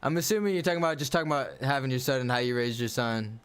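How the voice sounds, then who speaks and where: A man's voice: medium pitch, rapid-fire, clear, resonant tone. A man livestreaming a game and chatting casually, ranting bluntly in slang. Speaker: gaming livestreamer. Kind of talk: casual livestream chat while playing.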